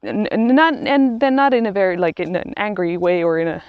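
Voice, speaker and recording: A woman talking through a reflective vlog while out on a quiet walk in nature, halting and thoughtful, often restarting her sentences. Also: mid-range voice, clear, resonant tone, no room sound. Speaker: vlogger. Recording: dull, slightly lo-fi sound.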